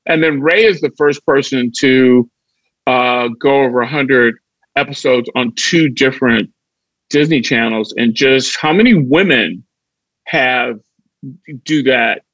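A man's voice: medium pitch, a little slow, no echo, highs cut off. A man, an actor and comedian from Chicago, telling stories in a casual chat and acting out the voices in them. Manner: animated, acts out voices in his stories. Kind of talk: casual storytelling.

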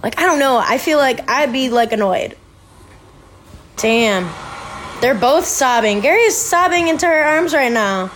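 Woman podcast host, casual reaction commentary, blunt and sweary, voice sits a bit high. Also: a little slow, a little hiss or hum. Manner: blunt, swears freely, excitable.

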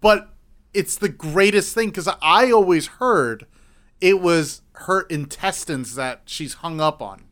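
Man, high voice, bright tone, profane joking podcast co-host. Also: animated, slow pace. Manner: profane, joking, talks over his co-host. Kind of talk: casual movie reaction chat.

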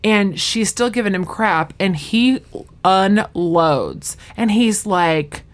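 Woman, casual chat, animated storyteller, acts out quotes, laughs a lot. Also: medium pitch, slow pace. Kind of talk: casual chat recapping a sitcom.

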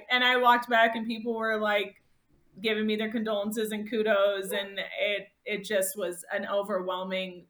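A woman's voice: medium pitch, little pitch movement, moderate pace, a bit bright, reverberant. A woman guest telling a race story in casual conversation, emotional and laughing often as she relives it. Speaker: guest ultrarunner.

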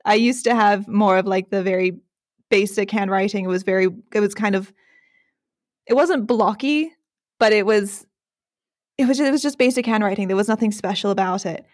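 A woman's voice: mid-range voice, normal speed, darkish tone, no echo, clean studio sound. A young woman hosting a podcast, chatty and self-deprecating, laughing often. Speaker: podcast host. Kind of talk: casual chat.

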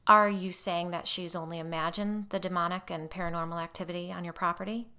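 Calm no-nonsense church lady, woman reading it, steady and direct. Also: fairly low pitch, brisk, clear, resonant tone. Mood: firm.

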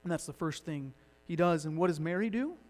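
High-voiced pastor in a reverberant hall. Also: male voice, expressive, a little fast. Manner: dynamic, swinging from loud emphatic to hushed. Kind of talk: sermon.

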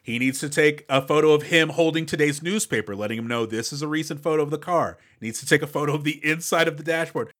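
A man's voice: a little high, fast talker, hardly any pauses, fairly bright tone. A man co-hosting a podcast, chatting casually about a movie with playful, sarcastic riffs and sound effects. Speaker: podcast co-host.

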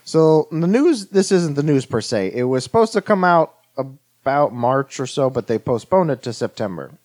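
A man's voice: medium pitch, very animated, normal speed, a little mellow. A man co-hosting a podcast, chatting eagerly and rambling about games and comics. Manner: enthusiastic, rambling. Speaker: podcast co-host. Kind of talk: casual chat.

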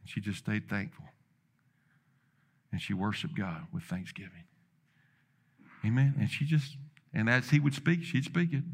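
Man preaching, mid-pitched voice, storytelling with quoted dialogue, loud emphatic peaks. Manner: builds to loud emphatic peaks, then drops low. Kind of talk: sermon.

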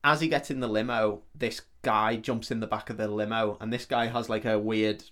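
A man's voice: fairly low pitch, fairly even intonation, moderate pace, fairly bright tone. Man casually recapping a film. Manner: swears freely, laughs while telling. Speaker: podcast co-host.

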